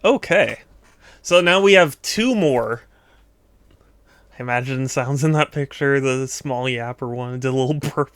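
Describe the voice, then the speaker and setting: A man's voice: mid-range voice, unhurried, fairly bright tone, clear, resonant tone, dry recording. A man streaming while he draws requests, chatting casually and rambling, often laughing and trailing off in thought. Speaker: streamer taking art requests. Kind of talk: casual live-stream chat while drawing.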